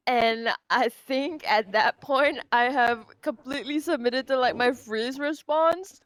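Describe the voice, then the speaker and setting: Slow-talking woman player, clear voice. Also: sits high, fairly bright tone, no room sound, rough recording. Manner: emotional, describing reactions in first person. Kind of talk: in-character tabletop role-play.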